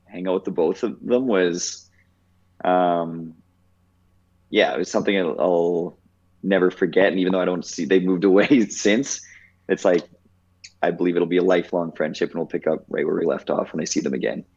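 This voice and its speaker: A man in his thirties speaks with a very low, deep voice, telling stories in a relaxed, reflective way and leaning on "like" as he thinks. The audio is slightly muffled and dull, like a lo-fi podcast recording. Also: moderate pace, breathy edge. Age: 30s. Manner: reflective, heavy use of "like". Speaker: podcast guest. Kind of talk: casual storytelling.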